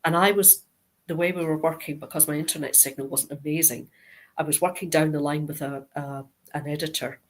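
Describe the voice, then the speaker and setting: Husky low-voiced Scottish woman. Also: fairly quick. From Scotland. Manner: lively storytelling, acting out quoted dialogue. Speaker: guest author. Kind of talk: interview anecdote.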